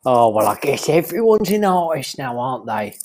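A man's voice: mid-range voice, very animated, moderate pace, a little mellow, slight background noise, natural voice. A man doing a brash Cockney market trader. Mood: pushy. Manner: blustering, swearing, mock-defensive. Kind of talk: improvised comedy sketch.

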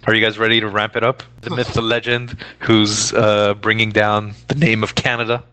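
A man's voice: fairly low pitch, little pitch movement, moderate pace, pushed and bright, smooth. A man co-hosting a podcast, chatting loosely and hedging his points, with casual swearing. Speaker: podcast co-host. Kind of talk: casual chat.

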